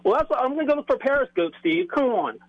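A man hosts a casual sports radio chat and teases his guests in an easy way. His voice sits high, and it comes through a muffled, lo-fi line. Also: big pitch swings, fast talker, vocal fry, no room sound. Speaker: radio host.

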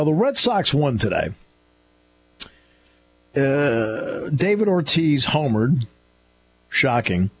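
A man's voice: medium pitch, a little hiss or hum. A man hosting a talk radio show in a studio, delivering an opinionated, sarcastic and scolding monologue.

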